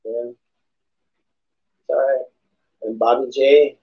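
A man's voice: mid-range voice, steady tone, slow pace, husky. Rambling laid-back male podcast host. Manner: rambling and laid-back, peppered with slang and swearing. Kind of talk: casual morning show chat. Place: home room. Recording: dull lo-fi sound.

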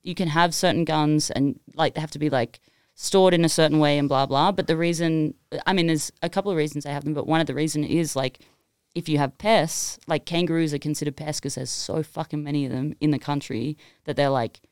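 A young Australian woman talks in loose, animated bursts, piling on "like" as she spins her stories. Her voice sits low and smooth, and the recording is dry and close. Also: a little fast, no room sound. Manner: animated storyteller, lots of "like". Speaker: guest producer. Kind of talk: casual chat.

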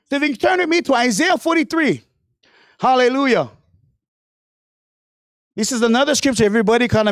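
Guest preacher, male, high voice, playful, slightly worn voice, dry close sound. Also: no room sound. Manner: playful, joking asides and frequent hallelujahs. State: losing his voice. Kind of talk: sermon. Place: church.

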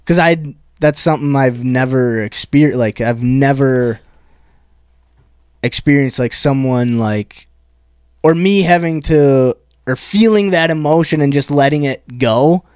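A man's voice: medium pitch, a little slow, a little mellow, clear, resonant tone, no echo, clean studio sound. A man, a stand-up comedian, telling a rambling, profane story in casual chat.

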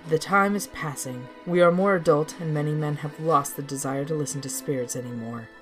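A selfish, defiant woodcutter brushes off a spirit's pleas in a low voice, as a woman telling a storybook tale plays him. Soft music runs under it. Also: brisk, lightly acted. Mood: dismissive. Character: stubborn, selfish village man with an axe.

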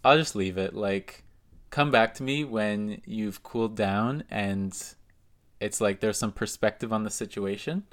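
A man's voice: fairly low pitch, measured pace. A man co-hosting a podcast, explaining his view in a laid-back, reasoned way. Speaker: podcast co-host. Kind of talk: casual podcast chat.

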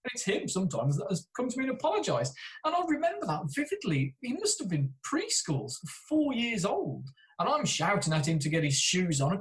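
A man's voice: sits high, wildly swooping pitch, a little fast, rough recording. A middle-aged British man, a therapist and podcaster, telling candid self-deprecating stories in an interview. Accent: British English. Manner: chatty, self-deprecating storyteller with frequent restarts.

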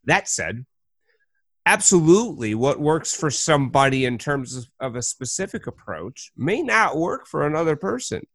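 A man's voice: on the high side, big pitch swings, moderate pace, fairly bright tone, no echo. Upbeat male podcast host, dry sound. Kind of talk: recovery podcast talk.

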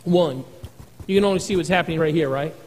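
A male pastor delivers a sermon in a folksy, joking manner, slipping into acted-out voices. His voice sits high, and a long hall reverb trails each phrase. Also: fast talker, a little mellow. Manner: folksy, humorous preaching with acted-out quotes.

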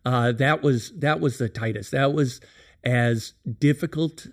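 A middle-aged man speaks on a candid business podcast, his pitch sitting squarely in the middle range. He tells his story in an earnest, reflective way, often doubling back and restarting his sentences. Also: measured pace. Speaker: company president, podcast guest.

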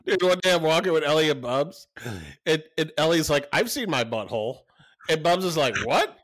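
A man's voice: on the high side, fairly quick, no room sound. A middle-aged man co-hosting a podcast, telling stories in casual chat and swearing freely. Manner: animated storytelling, swears often. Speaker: podcast co-host.

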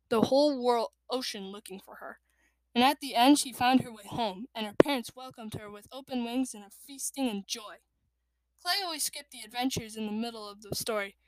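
A woman reading a children's novel aloud with lively, expressive narration. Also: fairly high pitch, no room sound. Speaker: reader.

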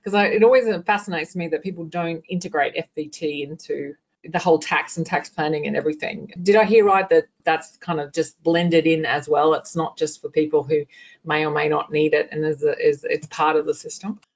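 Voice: mid-range voice, fairly even intonation, brisk, dull audio. An interviewer who works as an accountant and coach, asking questions in a chatty way with frequent "um". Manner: chatty, thinks aloud with "um". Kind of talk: conversational interview.

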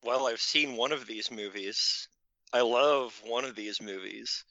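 A man's voice: medium pitch, measured pace, pushed and bright, no room sound, highs cut off. A man on a casual podcast panel, rambling and hesitant as he talks. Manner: rambling, hesitant, full of filler words.

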